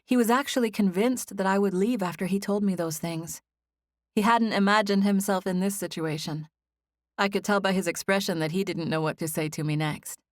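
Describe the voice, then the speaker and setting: A woman narrating a novel as an audiobook in a gentle, even first-person storytelling style. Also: medium pitch, normal speed, dry recording, studio quality.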